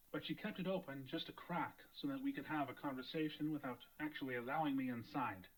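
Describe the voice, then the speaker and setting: A man playing a composed hospital nurse who recounts an encounter in a measured way, in an audio drama. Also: mid-range voice, close to an everyday voice, poor audio.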